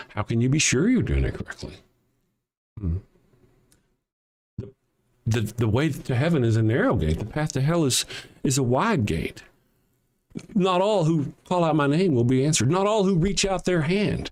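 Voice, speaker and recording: Reading chat on his livestream, a man with a somewhat high, darkish voice speaks at normal speed in a sing-song tone, pausing often. He answers with sarcastic, mocking rhetorical questions and swears a lot.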